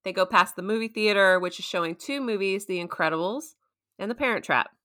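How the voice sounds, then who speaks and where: A woman with a bright, clear tone talks through a show's plot in an easy, conversational way. She slips into quick little impressions of the characters as she goes, keeping the chat lively. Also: medium pitch. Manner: animated storytelling, acting out quotes with voice shifts. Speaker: podcast co-host recapping a TV episode. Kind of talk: casual chat.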